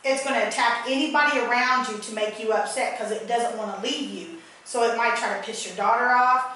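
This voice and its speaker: A woman's voice: a little high, steady tone, brisk, bright, forceful tone. A woman hosting as a psychic medium, giving earnest, emphatic spiritual advice in casual chat. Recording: echoey room, distant mic, faint noise.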